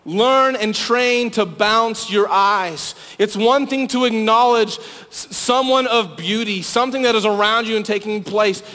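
A man preaching a sermon to students, urging loudly and then dropping to hushed pleading. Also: sits high, a little slow. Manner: fervent, swings from loud urging to hushed pleading. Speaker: youth pastor. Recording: long hall reverb.

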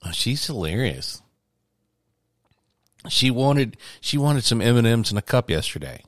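A man, co-hosting a casual chat and telling stories in a relaxed way. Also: medium pitch, measured pace, dry recording, studio quality. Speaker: co-host.

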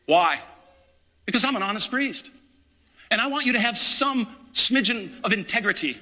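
Fired up priest giving an angry sermon, piercing bright tone. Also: male voice, high-pitched, lively intonation, moderate pace. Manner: impassioned, indignant, emphatic. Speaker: parish priest. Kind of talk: preaching a fiery sermon. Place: church.

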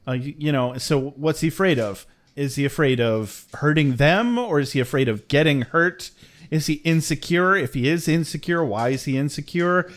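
A man's voice: on the high side, animated, moderate pace. A man co-hosting a casual podcast, recapping a cartoon episode in a rambling way, swearing and laughing often. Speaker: podcast co-host.

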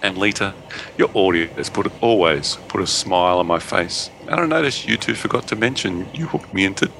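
A man's voice: low-pitched, animated, a little fast, gravelly, fairly bright tone, a little hiss or hum. A man co-hosting a gaming podcast, reading a listener email aloud with frequent laughter. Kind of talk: casual chat.

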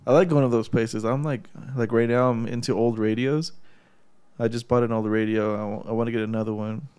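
A man's voice: medium pitch, steady tone, brisk, a little mellow, clear, resonant tone. A man on a podcast, casually telling a story with heavy swearing and frequent laughs. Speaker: podcast co-host. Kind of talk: casual chat.

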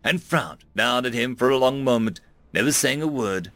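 A man narrating an audiobook with a dramatic, expressive reading. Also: medium pitch, moderate pace, no echo.

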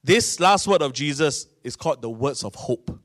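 A middle-aged man with a Singaporean English accent, preaching a sermon in an animated storytelling manner. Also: on the high side, moderate pace, dry recording, studio quality. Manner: animated storytelling, acting out voices of people in his stories. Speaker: pastor.

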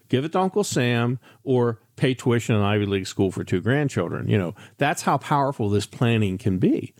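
With a mid-range voice and a darkish tone, an older financial advisor hosts a radio show. He delivers a monologue of frank stories told in a candid, chatty manner with many restarts, in a dry recording with clean studio sound.

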